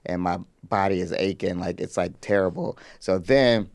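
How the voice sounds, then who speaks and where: A man's voice: low-pitched, normal speed, darkish tone. Laughing man telling a story. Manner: storytelling, laughs often, acts out voices. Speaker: podcast co-host. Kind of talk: casual chat.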